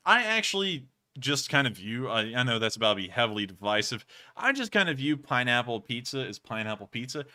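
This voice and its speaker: A man co-hosts a casual livestream, reading out donations. His voice is bright and forward, and he rambles a little. He circles back again and again to thanking his supporters. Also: mid-range voice. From Alabama, USA. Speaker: livestream co-host.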